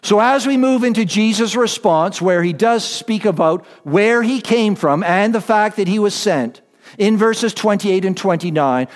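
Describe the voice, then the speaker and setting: A pastor delivers a sermon in a high, clear voice, speaking with deliberate emphasis and circling back to his main points. His words ring out with the long reverb of a church sanctuary. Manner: deliberate, emphatic, repeats key phrases.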